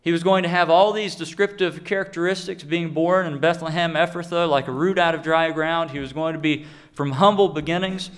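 Male preacher, sermon delivery, emphatic and deliberate, voice sitting a bit high. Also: fairly even intonation, fairly bright tone, clear, resonant tone. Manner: emphatic, with deliberate slowed phrases.

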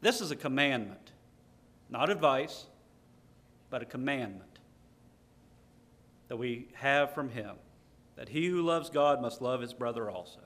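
A man's voice: medium pitch, expressive, unhurried, long pauses, a bit bright. A man preaching a sermon, stressing key words and reading scripture aloud.

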